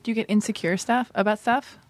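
A woman's voice: medium pitch, fairly even intonation, a little fast, no echo. A woman hosting a casual interview, teasing her guest with rambling, playful questions. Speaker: host.

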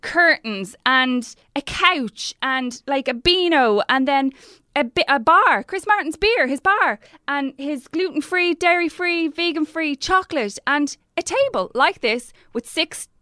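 A high-pitched Irish woman tells a breathless, animated story in casual chat. She slips into the voices of the people she quotes. The sound is dry and close. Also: unhurried, no room sound. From Ireland. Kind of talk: casual chat, telling an anecdote.

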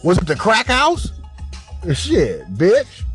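A podcast host vents about his work in a loose, profane monologue. His voice sits a bit high and leaps widely in pitch as he gets worked up. Soft music plays faintly underneath. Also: slow pace. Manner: profane, animated storytelling rant. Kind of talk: casual venting monologue.

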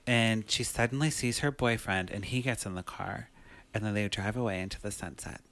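Male podcast host, bright, dry and close; laid-back, chatty recap with lots of fillers. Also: on the low side, fairly quick, dry recording. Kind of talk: casual chat recapping a movie.

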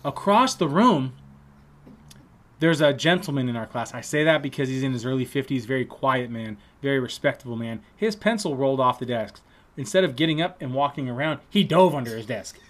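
A man casually telling an animated, profanity-laced story in a relaxed chat, acting out what other people said. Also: mid-range voice, brisk. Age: adult trade-school student.

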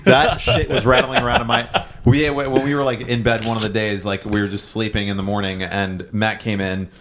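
Lower-voiced American man hosting a podcast. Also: fairly quick, a bit bright, a little hiss or hum. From United States. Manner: laid-back, asks questions. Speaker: podcast host. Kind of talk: casual podcast chat.

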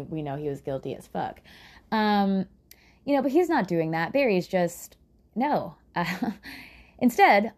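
A woman tells a true crime story in a loose, chatty way, with sarcastic asides and frequent swearing. Her pitch swings widely as she reacts to the details. The tone stays mellow and warm. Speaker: true crime podcast host.

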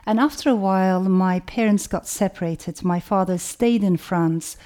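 Author, woman, Turkish accent, warm mellow tone, measured and reflective, stacks ideas in long lists. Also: mid-range voice. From Turkey. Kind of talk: reflective talk with a reading.

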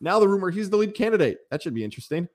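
A man's voice: high voice, sing-song, a little mellow. A male host in casual sports talk, running through news with sarcastic, gossipy remarks. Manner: fast, sarcastic, gossipy delivery.

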